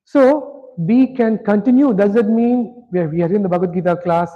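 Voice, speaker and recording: A man leads a scripture lesson in a relaxed, conversational way. His voice sits fairly high, and he keeps checking whether listeners are following. The recording is dull and lo-fi. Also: normal speed. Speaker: scripture class teacher. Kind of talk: interactive lecture.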